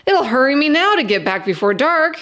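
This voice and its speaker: A woman reading aloud, voicing a weary farm wife of about thirty who talks bluntly with rustic grammar and turns sharp and defensive. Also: sits high, big pitch swings, a little fast, voice pushed up. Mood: sullen. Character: worn-out farm wife around thirty, bitter and proud.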